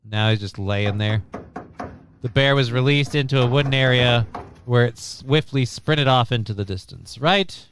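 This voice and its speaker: A man co-hosts a casual stream, joking crudely and swearing often, his voice prone to cracking. It's mid-range and fairly bright at normal speed, with slight background noise.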